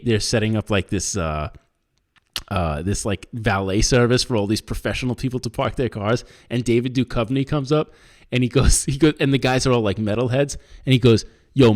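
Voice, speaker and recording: A man in his thirties chatting casually on a podcast, rambling and laughing as he goes, with the odd swear. His voice sits at an ordinary middle pitch for a man. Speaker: podcast host. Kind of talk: casual chat.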